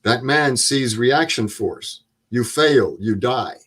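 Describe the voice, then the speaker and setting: A man voicing a gruff older German army mentor with a German accent, speaking in clipped, broken English. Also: medium pitch, expressive, takes it slowly, a bit bright, heavily acted. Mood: stern.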